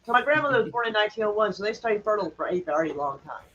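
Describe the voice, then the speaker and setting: A woman's voice: medium pitch, animated, rapid-fire, fairly bright tone, breathy edge, lo-fi sound. A woman hosting a casual chat, rambling and laughing often. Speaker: streamer host.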